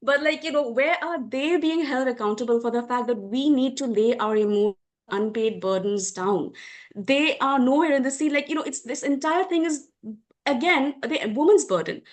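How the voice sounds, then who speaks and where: A woman's voice: sits high, normal speed. Impassioned young woman. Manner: emotional, fervent, many restarts. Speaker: book club participant. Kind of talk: impassioned discussion.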